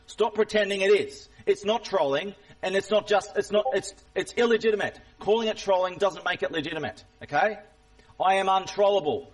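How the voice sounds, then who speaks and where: A man lectures a viewer in an angry, repetitive rant, swearing and pressing the same point again and again. His voice sits high for a man. He is recorded from some distance away from the microphone.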